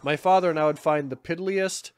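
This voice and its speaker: A man's voice: fairly high pitch, steady tone, fairly quick, clear, resonant tone, no room sound, studio quality. A man co-hosting a casual podcast, rambling through nostalgic stories and swearing often. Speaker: podcast co-host. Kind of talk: casual chat.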